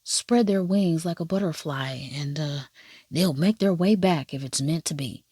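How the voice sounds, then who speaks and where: Sassy low-voiced woman, dry sound. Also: a little slow, slightly rough, dry recording. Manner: animated, profane, sassy. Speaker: drama reviewer. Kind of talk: casual watch-along commentary.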